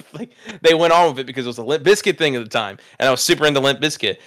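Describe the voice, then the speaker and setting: A man's voice: medium pitch, fast, a bit bright, no echo, clean studio sound. A young man telling a rambling, profane story to friends on a podcast, laughing at himself. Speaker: podcast host. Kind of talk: casual storytelling chat.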